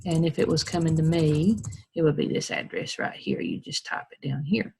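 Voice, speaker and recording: A woman's voice: low-pitched, normal speed, creaky, a little mellow, slightly rough. An American woman teacher patiently walking children through a recorded screen tutorial, step by step.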